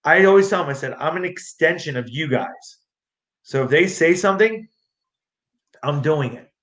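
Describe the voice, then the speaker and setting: A young man telling fight stories in a rambling, excitable way, acting out what people said, as a guest on an interview show. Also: fairly high pitch, normal speed. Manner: excitable, rambling, acts out quotes. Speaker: guest, amateur street fighter. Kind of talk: casual storytelling interview. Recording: echoey room.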